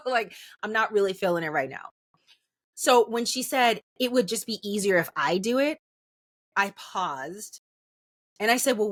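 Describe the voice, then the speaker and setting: A woman in her thirties tells a personal story in a slightly low, conversational voice. She acts out the quoted voices with sudden leaps in pitch and swears without hesitation. The recording is dry and close, with no room sound. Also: no room sound. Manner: animated, acts out quoted dialogue with big pitch jumps, swears freely. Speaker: podcast host. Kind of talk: candid storytelling monologue.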